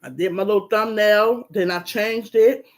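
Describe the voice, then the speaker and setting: A woman chatting casually on a live stream, shifting between bright greetings and quiet murmurs. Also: mid-range voice, moderate pace.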